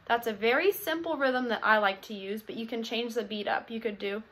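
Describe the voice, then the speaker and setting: Young preschool teacher lady, a bit high voice, upbeat, walks you through stuff and acts out the chants. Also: brisk, very noisy. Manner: upbeat and explanatory, acting out classroom call-and-response chants. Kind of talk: instructional talk to teachers.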